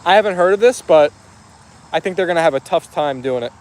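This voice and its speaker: A man's voice: a little high, expressive, fast talker, darkish tone. A man hosting a casual live stream outdoors, chatting easily as he reads out viewer comments and answers them. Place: outdoors with his dogs.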